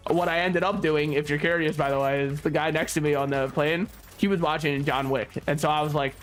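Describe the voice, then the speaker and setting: Man, slightly high voice, rambling gameplay commentary, jokey and profane, faint game music behind. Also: steady tone, fairly quick, hardly any pauses. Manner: rambling, joking, swears freely, laughs often. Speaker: gaming YouTuber.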